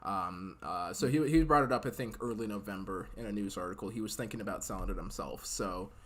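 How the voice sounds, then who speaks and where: A man's voice: fairly low pitch, fairly quick. Jokey, rambling male podcast host. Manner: rambling and jokey, laughs often. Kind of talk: casual podcast chat.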